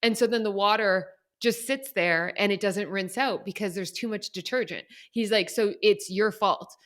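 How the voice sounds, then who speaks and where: Animated woman telling a story. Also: medium pitch, normal speed. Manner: animated storyteller, laughs often, quotes others. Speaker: podcast co-host. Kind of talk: casual storytelling chat.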